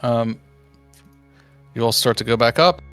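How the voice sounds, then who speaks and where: A man's voice: mid-range voice, a little slow, smooth, no room sound, faint music behind. Young man running a tabletop game. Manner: relaxed, swears casually. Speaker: game master.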